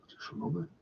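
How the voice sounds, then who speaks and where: A man's voice: dull audio, slight background noise. A man with a Liverpool accent hosting a casual live stream, chatting and reading out viewer comments. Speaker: fan channel host.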